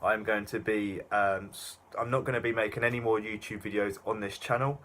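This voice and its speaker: A man's voice: fairly low pitch, fairly even intonation, brisk, fairly bright tone, a little hiss or hum. A young man rambling through self-mocking reaction commentary, with lots of fillers. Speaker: YouTuber.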